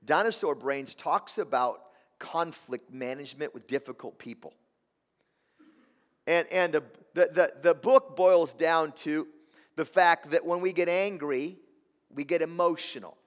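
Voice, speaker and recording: A man's voice: a little high, a little slow. A man preaching a sermon as pastor, impassioned, repeating words and asking the congregation questions. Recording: long hall reverb.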